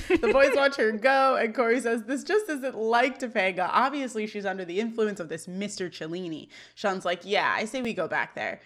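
A woman's voice: medium pitch, a little fast, hardly any pauses, fairly bright tone. A woman co-hosting a podcast, animatedly retelling a sitcom scene and quoting the characters with laughs. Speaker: podcast co-host. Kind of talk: casual recap chat.

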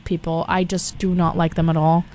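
A young woman from Brazil, talking as a guest in a casual chat, restarting sentences and filling pauses with "like" and "um". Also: lowish voice, little pitch movement, darkish tone. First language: Portuguese. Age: young adult. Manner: chatty, restarts often with many fillers.

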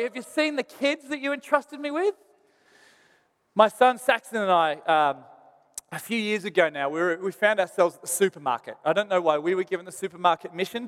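High-voiced man preaching with humour. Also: clean tone, in a large hall. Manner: storytelling, self-deprecating and animated. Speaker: pastor. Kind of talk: sermon.

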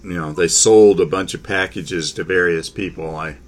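A man hosting a casual sports talk chat, halting, with many fillers and restarts. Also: low-pitched, steady tone.

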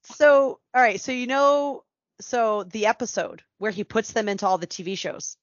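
A woman chatting casually as a podcast co-host, laughing often and slipping into quick character asides. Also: a little high, lively intonation, no room sound, highs cut off. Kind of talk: casual fan chat.

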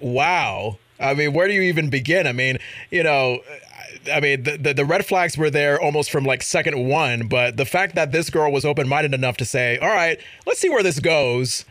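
A man's voice: a little high, normal speed, fairly bright tone, no echo. A man hosting a casual talk show, rambling with false starts and laughing easily. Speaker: show host.

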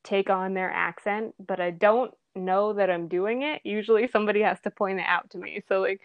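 A young adult woman who manages a restaurant, chatting casually, animated and laughing often. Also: medium pitch, moderate pace, no room sound, muffled recording. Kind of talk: casual chat.

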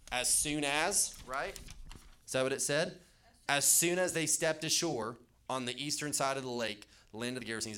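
A man preaching a casual sermon, talking in an animated way with lots of fillers. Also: mid-range voice. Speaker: youth pastor. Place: church hall with an audience.

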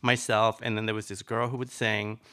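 A middle-aged man from Nicaragua telling his life story in an interview, chatty and animated, with lots of fillers. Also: lowish voice, brisk. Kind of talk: personal storytelling.

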